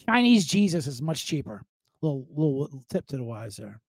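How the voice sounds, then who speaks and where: Male podcast host at home, casual profane monologue, high lively voice, dry sound. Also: brisk, vocal fry, no echo. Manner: profane, jokey, animated rambling.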